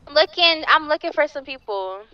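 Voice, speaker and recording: High, lively woman on a dull, muffled call. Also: a little fast, no echo. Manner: defensive, brushes off questions. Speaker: role-play player on a call. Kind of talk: casual in-character role-play chat.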